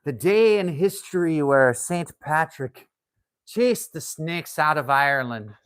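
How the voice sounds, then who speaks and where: A man's voice: a little high, lively intonation, slow pace, fairly bright tone, smooth. A middle-aged man hosting a casual live stream from his workshop while tanning hide, joking around and playfully putting on an Irish accent. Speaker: leather-working livestream host. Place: home workshop, indoors.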